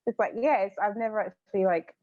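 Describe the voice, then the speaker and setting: A woman co-hosting a podcast, reacting with lively, laughing banter. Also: medium pitch, a little fast. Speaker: podcast co-host. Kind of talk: casual comedic chat. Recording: dull, lo-fi sound.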